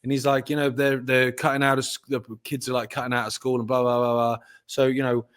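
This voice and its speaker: A man's voice: medium pitch, flat delivery, fast talker, a bit bright, clear, resonant tone. A man co-hosting a podcast, telling jokey stories in casual banter, often laughing and swearing. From Britain. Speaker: co-host.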